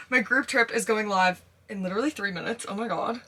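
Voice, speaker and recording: A young woman vlogging casually to camera from inside her camper van, chatty and excitable, full of filler words. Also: mid-range voice, a little fast, slightly rough. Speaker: vanlife vlogger. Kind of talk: casual vlog talk to camera.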